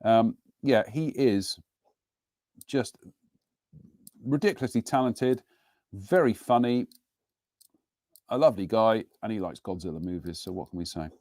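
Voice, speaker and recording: A man's voice: on the low side, measured pace, long pauses, darkish tone, no echo, studio quality. A middle-aged man hosting a live model-building broadcast from his home workbench, chatting in a rambling, self-deprecating way. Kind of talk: casual live demonstration and chat.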